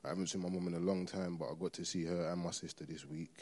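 A man giving a personal testimony to a church congregation, hesitant and halting with many pauses. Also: sits low, little pitch movement, a little mellow.

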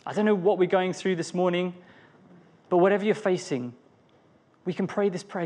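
A man's voice: high-pitched, normal speed, pauses often, darkish tone. A young man giving an earnest, personal devotional talk, often restarting his phrases. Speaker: preacher.

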